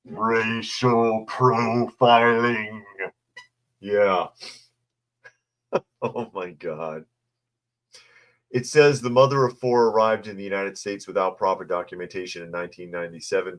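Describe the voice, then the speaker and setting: Casual news-commentary host, man, sarcastic and mocking asides. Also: on the low side. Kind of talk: casual news commentary, reading articles and chat.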